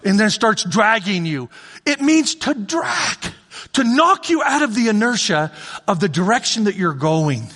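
A man preaching a sermon, acting out God's voice and swinging between shouts and hushed pleading. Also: high voice, big pitch swings, measured pace, in a large hall. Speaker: pastor.

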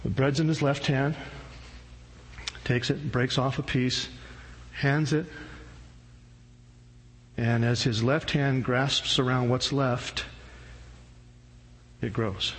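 A man's voice: mid-range voice, steady tone, slow pace, long pauses, fairly bright tone. A male pastor preaching a sermon in a casual, slangy, humorous storytelling way. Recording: long hall reverb, faint noise.

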